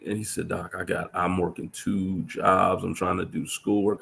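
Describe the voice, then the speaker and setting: A man's voice: little pitch movement, normal speed, fairly bright tone. A man, a professor, telling reflective stories in a casual conversation, earnest and full of restarts. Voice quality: deep gravelly voice. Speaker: professor, guest.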